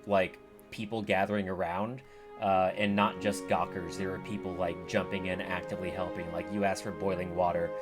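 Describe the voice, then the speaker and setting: A man narrating a tabletop game as game master, relaxed and joking, with plenty of ums and uhs. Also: sits low, normal speed, loud music behind the voice. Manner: relaxed, joking, with many fillers.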